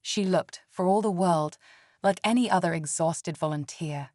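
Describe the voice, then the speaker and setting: Brief: female story narrator, steady and even, lowish voice, very dry close sound. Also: moderate pace, no echo.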